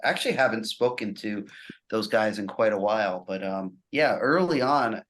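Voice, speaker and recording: Middle-aged jersey-ny guy, lowish voice, laid-back sarcastic podcast guest, laughs a lot. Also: normal speed. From New Jersey and New York area, USA. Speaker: guest musician. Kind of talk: casual podcast chat.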